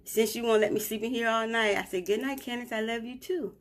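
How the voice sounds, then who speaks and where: A woman's voice: a little high, fairly even intonation, a little fast. A grieving mother live streaming from a hotel room, retelling events emotionally and often checking in with "right?".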